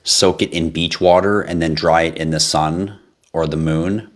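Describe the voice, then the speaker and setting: Low-voiced guy chatting on his livestream, reads out comments, laughs a lot, swears a bit. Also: a little slow. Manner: animated, laughs and swears, jumps to high yelps for effect. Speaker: livestream host. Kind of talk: casual live chat reading comments.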